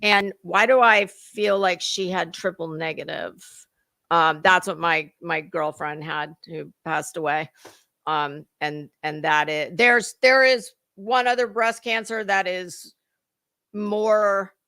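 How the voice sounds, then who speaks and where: A woman's voice: fairly low pitch, steady tone, takes it slowly, creaky, pushed and bright. A middle-aged woman, hosting a rambling livestream chat, greeting viewers by name and fighting a dry cough. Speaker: livestream host. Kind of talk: casual chat.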